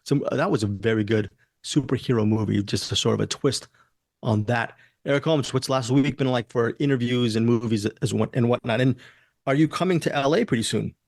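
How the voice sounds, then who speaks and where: A man's voice: mid-range voice, fairly quick, creaky, darkish tone, no echo, clean studio sound. A man hosting a movie podcast in casual, rambling chat, joking and laughing often. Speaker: podcast host.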